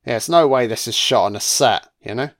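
A man's voice: mid-range voice, fairly quick. A man doing a casual, crude film commentary, swearing freely and mocking the characters.

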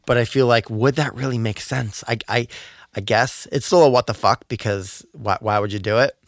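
A man co-hosting a podcast in casual chat, musing and asking questions, slowing down to draw out details. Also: medium pitch, no room sound, studio quality. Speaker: podcast co-host.

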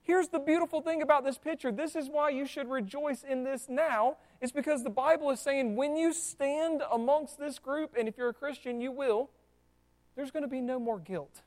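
A man preaching a sermon in a conversational, animated way, with asides to the congregation. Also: very high-pitched, normal speed. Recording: long church hall reverb.

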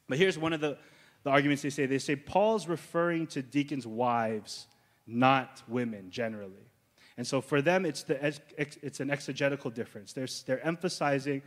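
Pastor teaching in a reverberant hall. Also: male voice, fairly high pitch. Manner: conversational, checks in with the congregation often. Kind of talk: teaching sermon.

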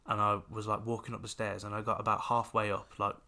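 A man's voice: lowish voice, flat delivery, quick pace, creaky, pushed and bright. A man co-hosting a podcast, telling a rambling story full of fillers in casual chat. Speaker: podcast co-host.

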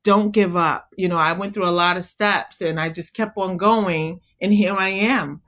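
A woman guest in an interview, speaking earnestly and encouragingly about being a mother, growing animated as she tells stories. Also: lowish voice, moderate pace. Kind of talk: conversational interview.

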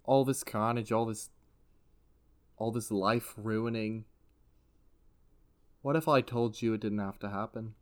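Mysterious crystal spirit, voiced by a man; calm, probing, unhurried. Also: natural voice. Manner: calm, probing, low-key questions. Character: mysterious all-knowing void crystal spirit.

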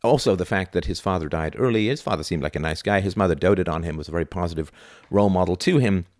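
A man's voice: low voice, fast talker, darkish tone, dry recording. A man giving an unscripted philosophy lecture in a blunt, opinionated way, with sudden emphatic jumps in his voice.

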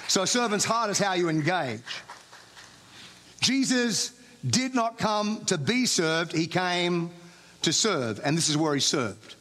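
A man with a high voice for his sex preaches in a casual, chatty manner, as if talking things over with his listeners. His delivery stays plain and informal throughout. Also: fairly bright tone. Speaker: pastor. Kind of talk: sermon.

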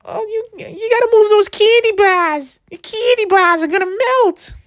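Shrill, fussy New England woman, nasal and weaselly. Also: measured pace. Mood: fretting. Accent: New Hampshire, put on.

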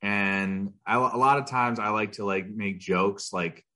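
A young adult man co-hosting a casual podcast, laid-back and quick to laugh. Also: on the low side, pushed and bright. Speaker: podcast co-host.

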